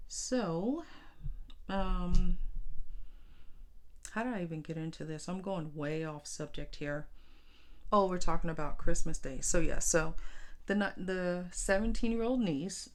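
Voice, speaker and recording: Lady crafter rambling thru family stories, lowish voice, acts out everybody's lines. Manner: animated, acts out family members in quoted dialogue. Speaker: craft vlogger. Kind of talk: casual storytelling chat.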